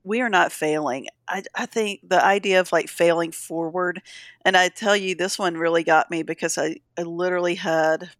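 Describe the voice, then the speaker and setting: A woman's voice: lowish voice, steady tone, moderate pace, no room sound, clean studio sound. A middle-aged woman talking candidly and emotionally in a casual conversation, encouraging her listeners. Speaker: podcast co-host.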